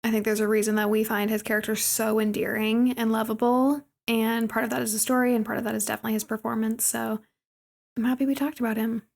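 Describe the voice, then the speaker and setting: A woman's voice: a little high, flat delivery, quick pace, creaky, darkish tone. A woman co-hosting a podcast, chattily retelling a movie scene by scene. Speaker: podcast co-host. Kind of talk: casual podcast movie recap.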